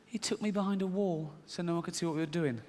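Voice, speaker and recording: A man's voice: sits high, quick pace, darkish tone, a little hiss or hum, pitched above the performer's own voice, lightly acted. A man voicing a chirpy six-year-old girl with a small, innocent voice, in a stand-up routine. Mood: hesitant. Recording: reverberant live venue, faint ambience.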